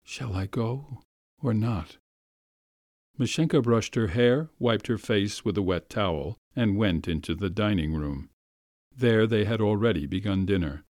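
A man narrating a classic story with a measured, expressive reading. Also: on the low side, no echo, studio quality.

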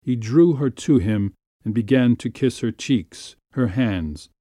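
A man reading a classic short story aloud in a measured, unhurried way. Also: medium pitch, lively intonation, warm tone, no echo. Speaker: narrator.

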